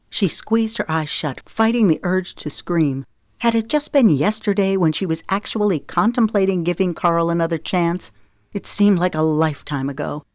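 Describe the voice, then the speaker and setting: A woman narrating a romance novel in a steady, expressive audiobook reading. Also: lowish voice, dry recording, studio quality. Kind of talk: scripted narration.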